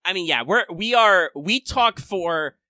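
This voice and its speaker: A man co-hosting a relaxed gaming podcast, his voice a touch high and bright with a forceful edge. He rambles through his opinions, cursing freely and tossing in quick asides. The sound is close and dry, with no room around it. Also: dry recording. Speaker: podcast co-host. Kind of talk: casual gaming podcast chat.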